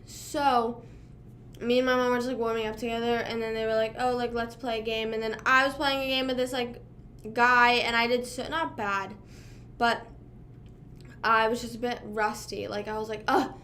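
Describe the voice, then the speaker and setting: A woman's voice: on the high side, level tone, moderate pace, a bit bright, slight background noise. A young woman from Pennsylvania chatting casually with live viewers, rambling and self-deprecating, full of fillers. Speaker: livestream host.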